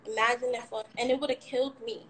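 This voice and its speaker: A woman's voice: fairly high pitch, fairly even intonation, quick pace, a bit bright, slight background noise, low-quality recording. A young woman telling a candid, rambling personal account of a frightening ordeal on a livestream, cursing now and then. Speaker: shooting survivor sharing her story.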